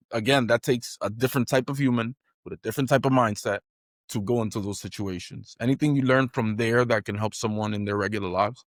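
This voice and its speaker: A man hosting an interview, enthusiastic and halting, full of restarts and affirmations. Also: mid-range voice, a bit bright, no echo, studio quality. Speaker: podcast host. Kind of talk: casual interview chat.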